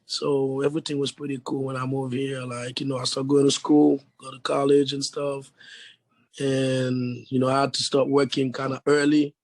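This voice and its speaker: A young man with a deep voice and a foreign accent, a guest musician rambling casually with lots of fillers in an interview. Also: moderate pace, no room sound. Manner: rambling, relaxed, many fillers like "you know".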